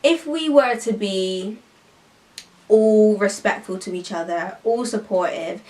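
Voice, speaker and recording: A young woman with a British accent talks straight to camera in a casual opinion vlog. She is animated and emphatic and fills her talk with "like". Her voice sounds a little distant from the mic. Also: mid-range voice, slow. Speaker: YouTuber.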